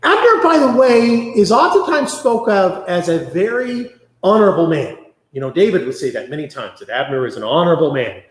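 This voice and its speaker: A man leading a conversational Bible study, chatty and animated, often acting out quotes. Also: sits high, fairly quick. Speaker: Bible class teacher. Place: church classroom. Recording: echoey room.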